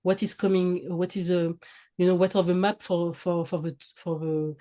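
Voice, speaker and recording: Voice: medium pitch, little pitch movement, moderate pace, dark tone. A guest with a French accent giving advice over a video call, hesitant, with many fillers and restarts. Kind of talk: casual advice in a video interview.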